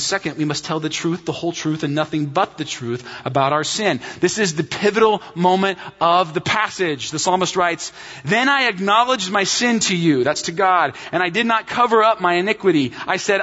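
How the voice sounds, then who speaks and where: A man's voice: high voice, fairly bright tone, husky, big-room sound, muffled recording. A man preaching a sermon as a pastor, emphatic and full of rhetorical questions.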